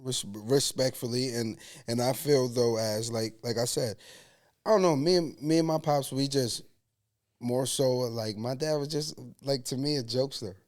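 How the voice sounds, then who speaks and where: A man's voice: medium pitch, normal speed, darkish tone. A man hosting a podcast, asking questions in an easygoing way and often restarting his sentences. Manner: easygoing, lots of short agreeing replies, stumbling restarts. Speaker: podcast host. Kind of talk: casual podcast interview.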